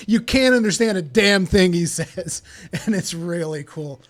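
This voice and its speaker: A man's voice: high-pitched, lively intonation, a little slow, soft background music. A man streaming a game, chatting casually and rambling with plenty of swearing. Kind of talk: casual live-stream chat.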